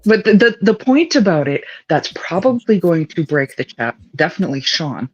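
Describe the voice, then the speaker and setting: A man joins the stream over a dull, lo-fi mic, tripping over his words and repeating them as he chats. His voice sits fairly high for a man. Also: sing-song, moderate pace. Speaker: livestream guest. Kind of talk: casual livestream chat.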